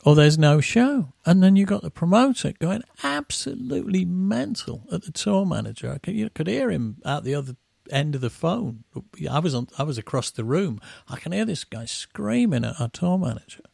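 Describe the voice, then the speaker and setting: A man's voice: sits high, big pitch swings, moderate pace, vocal fry, few pauses, a little mellow, slightly rough, dry recording, studio quality. A middle-aged man, a musician guest, telling rambling tour anecdotes and acting out the quotes. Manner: rambling, with acted-out quotes and laughs. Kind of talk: anecdotal storytelling.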